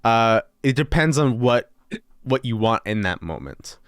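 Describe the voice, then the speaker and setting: A man's voice: mid-range voice, lively intonation, a little slow, clear, resonant tone, dry recording, clean studio sound. A man as game master of a tabletop role-playing game, ruling with hesitant restarts. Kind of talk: running a tabletop game, casual.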